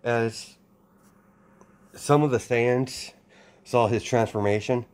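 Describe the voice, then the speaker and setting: A man improvising fan-fiction narration in a casual, halting way, with many restarts and fillers. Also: on the low side. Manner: hesitant, full of restarts and fillers. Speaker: storyteller.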